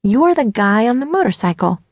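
A woman's voice: a little high, big pitch swings, fairly quick, a little mellow, dry recording. A woman playing a nervous, sarcastic teen girl. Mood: awkward. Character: awkward, sharp-tongued teenage girl, rambling.

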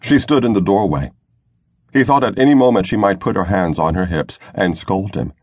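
Deep husky male audiobook narrator. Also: animated, normal speed, a little mellow. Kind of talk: scripted narration.

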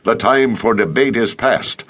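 A man voicing a commanding male high priest in an audiobook, authoritative and measured. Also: fairly bright tone, slightly rough, dull audio.

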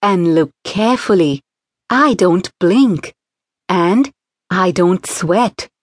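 A woman's voice: on the low side, animated, slow pace, dry recording. A woman voicing a charming, ageless male god in a children's audiobook, sweet and teasing.

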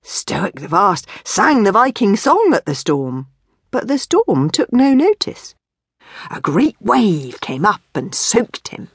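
Woman, storybook narration, hugely animated and slow, husky, dry close sound, faint music. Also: mid-range voice, no room sound. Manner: animated, playful, with whispered asides. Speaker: author reading her own book.

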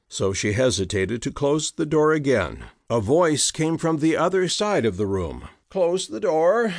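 A man narrating an audiobook in an expressive storytelling voice whose pitch moves a lot. It is a dry, close studio recording with no room sound. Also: no echo. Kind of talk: scripted narration. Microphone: close studio mic.

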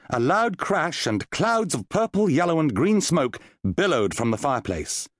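A man narrating a children's fantasy audiobook with playful energy. His pitch moves animatedly through the story, and the recording is close and dry. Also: very animated, measured pace, few pauses, no echo.

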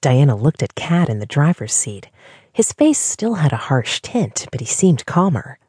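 In a breathy, expressive voice that sits low, a female narrator reads an audiobook at a measured pace. The studio-quality recording has no room sound.

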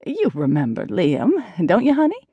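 A woman's voice: on the low side, wildly swooping pitch, moderate pace, husky, no echo, dull audio, heavily acted. A woman voicing a chatty, gossiping older mother who gushes as she talks, for an audiobook. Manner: chatty, gushing.

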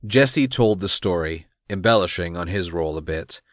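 A man narrating a romance audiobook, reading in an expressive storytelling manner. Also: deep voice, moderate pace, no echo, clean studio sound. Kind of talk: scripted narration.

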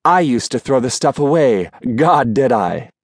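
A man's voice: medium pitch, very animated, unhurried, no echo, studio quality. A man voicing a faded former film star, an older woman who is grand, theatrical and fond of drink. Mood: grandiose. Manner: haughty and theatrical.

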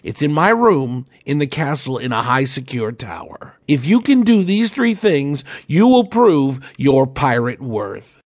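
A man's voice: mid-range voice, sing-song, unhurried, hardly any pauses. A man voicing a brave, defiant young princess in a children's storybook, haughty and bold. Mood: bossy.

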